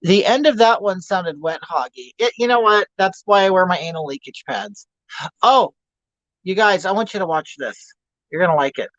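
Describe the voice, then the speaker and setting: A man's voice: sits high, lively intonation, normal speed, fairly bright tone, no echo. Man, 50s, campy livestream host with crude humor; dry, dull lo-fi audio. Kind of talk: casual livestream chat reading viewer comments.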